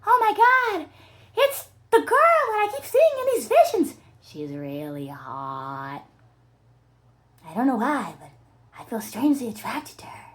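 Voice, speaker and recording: A woman putting on a lovestruck Snow White, a young heroine from a fairy-tale retelling who gushes breathlessly, her voice leaping high and swinging wildly. She sounds dazzled and helpless. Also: animated, fast, hardly any pauses, lightly acted. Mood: smitten.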